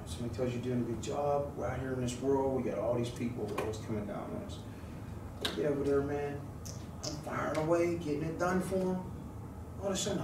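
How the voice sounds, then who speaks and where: A man preaching a casual, jokey sermon, telling stories and calling on his congregation to answer back. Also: mid-range voice. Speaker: pastor. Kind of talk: conversational sermon. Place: church sanctuary. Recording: roomy, distant mic with noise.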